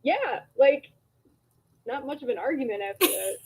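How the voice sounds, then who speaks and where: A woman host in a relaxed interview, with a high voice. She teases her guest playfully and laughs along as they chat. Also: normal speed, breathy edge, poor audio. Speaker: podcast host.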